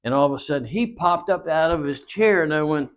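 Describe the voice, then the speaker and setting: Speaking a little fast in a fairly high, animated voice, a man recounts his wrestling career at length as an interview guest. He rambles, leans on fillers, and acts out dialogue, all captured in dull lo-fi sound.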